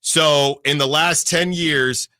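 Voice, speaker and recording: In clean studio sound with no echo, a male sports radio host reads out team records in casual talk, checking himself as he goes. His voice is on the high side, steady, pushed and bright, and he speaks slowly.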